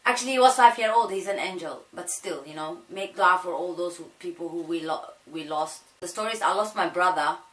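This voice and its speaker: A young woman telling a painful personal story in a halting way, repeating phrases as her voice breaks. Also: on the low side. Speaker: vlogger. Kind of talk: emotional storytime monologue. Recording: echoey room, voice a bit far from mic.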